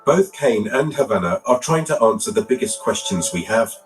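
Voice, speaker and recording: A man giving scripted documentary narration in a lively storytelling manner. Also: lowish voice, normal speed, music in the background. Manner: lively, even storytelling delivery.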